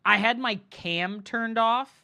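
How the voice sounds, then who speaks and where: A man's voice: very high-pitched, takes it slowly, gravelly, pushed and bright, clean tone. A male game streamer telling a story in a heated, profane rant, full of "like" and "right?". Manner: fillers like "like" and "right?". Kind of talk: ranting storytime chat.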